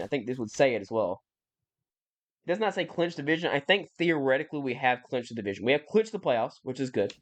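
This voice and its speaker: A young man giving casual, rambling commentary over a video game, often correcting himself and sounding mildly exasperated. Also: mid-range voice. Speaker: gaming YouTuber.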